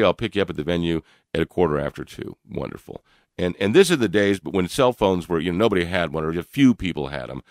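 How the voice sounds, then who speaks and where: An older man co-hosting a radio talk show, telling a personal story in an animated way with frequent laughs and fillers. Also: sits low, no echo, clean studio sound. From Louisville, Kentucky area. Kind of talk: storytelling in casual chat.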